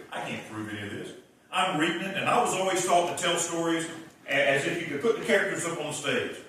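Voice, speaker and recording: A man preaching a revival sermon, telling the story in an animated way and acting out the characters' lines. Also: on the high side, slight background noise. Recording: echoey hall, distant mic.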